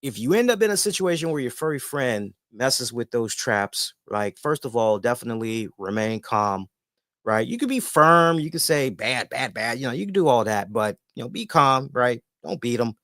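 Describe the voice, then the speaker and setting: A man's voice: medium pitch, normal speed, dry recording, studio quality. Chatty man hosting a wrestling show. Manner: animated storytelling with filler words. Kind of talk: casual chat.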